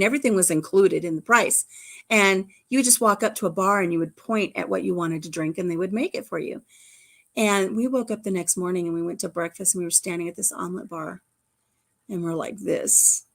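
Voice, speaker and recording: A middle-aged woman hosting a livestream, chatting casually, telling stories and answering the live chat. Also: mid-range voice. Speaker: livestream host.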